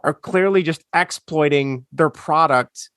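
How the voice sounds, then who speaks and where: A man's voice: fairly high pitch, measured pace, a bit bright, no room sound, studio quality. A man co-hosting a podcast, ranting sarcastically in casual chat. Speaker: podcast co-host.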